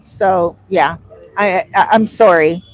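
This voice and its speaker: A woman with a lowish voice talks slowly in an outdoor phone vlog, animatedly relaying stories and mimicking the exchanges. The audio is rough.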